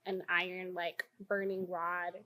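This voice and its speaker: Woman activist guest, candid and blunt, swears freely, animated storyteller. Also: on the low side, unhurried. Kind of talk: candid conversational interview.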